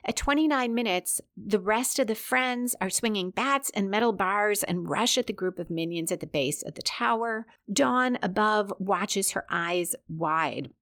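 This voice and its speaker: A woman's voice: medium pitch, unhurried, few pauses, fairly bright tone. A woman recapping a TV episode scene by scene, reading out timestamps and adding brief asides. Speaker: podcast host.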